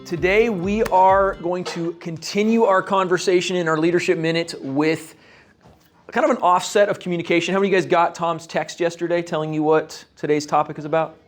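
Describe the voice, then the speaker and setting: A man's voice: sits high, steady tone, fairly quick, faint music behind. A man giving a short leadership talk to a live networking group, chatty and asking the audience questions. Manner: conversational, asks the audience questions. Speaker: leadership speaker. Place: meeting room with a live audience.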